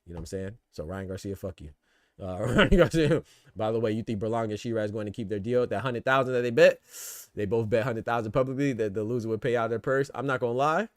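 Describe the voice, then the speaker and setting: A man hosting a podcast, riffing in casual, animated commentary full of rhetorical asides and swearing. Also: medium pitch, quick pace, dry recording, clean studio sound. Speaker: podcast host. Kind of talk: casual boxing and politics commentary.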